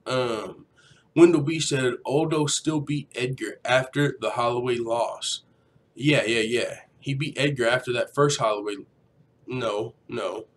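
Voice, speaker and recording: A man's voice: mid-range voice, measured pace. A young man hosting a casual MMA livestream, rambling and profane, reading out chat comments. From grew up in a Mexican neighborhood. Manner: rambling, profane, slangy, with mock voices.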